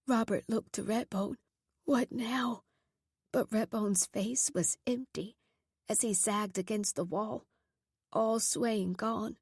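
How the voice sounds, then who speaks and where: A woman narrating a horror audiobook in a measured, steady storytelling voice. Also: mid-range voice, slightly rough, no room sound, clean studio sound.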